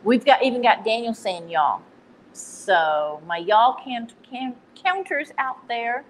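A woman's voice: on the high side, sing-song, slow pace, a little hiss or hum, low-quality recording. A woman with a Texan accent hosting a casual live stream, chatty and self-deprecating, laughing at her own slips. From Texas.

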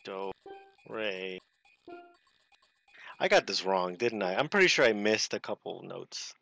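A man giving lively let's play commentary, laughing and talking back to game characters. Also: lowish voice, brisk, gravelly, over music. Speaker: gaming video host.

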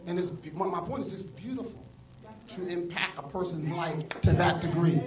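A man's voice: fairly high pitch, quick pace, recorded from a distance, a crowd in the background. Man preaching in an echoey church. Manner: animated preaching that swings between soft asides and loud exclamations. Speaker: pastor. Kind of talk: sermon. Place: church sanctuary. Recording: echoey church hall, mic from afar, congregation audible. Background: congregation.

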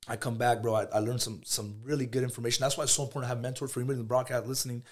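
A man's voice: medium pitch, rapid-fire. A man in his thirties, a podcast guest, telling his story in casual chat, acting out the dialogue and calling everyone "bro". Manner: animated storyteller, acts out dialogue, says "bro" constantly.

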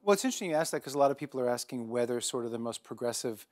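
A man speaking as a columnist on a panel, arguing a point in measured terms with emphatic asides. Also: medium pitch, animated, a little mellow, dry recording, clean studio sound. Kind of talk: panel discussion.

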